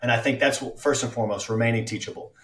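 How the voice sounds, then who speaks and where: A man's voice: medium pitch, fairly even intonation, quick pace, a bit bright, reverberant, distant mic. A man speaking as an actor guest on a casual podcast, reflective, with many fillers and restarts.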